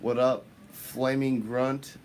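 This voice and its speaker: Guy hosting a livestream, slow drawn-out talk, yelps up high on the shout-outs, faint hum behind. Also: little pitch movement. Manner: drawn-out shout-outs, pitch jumping up on greetings. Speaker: fishing channel host on a livestream. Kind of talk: casual livestream chat greeting viewers.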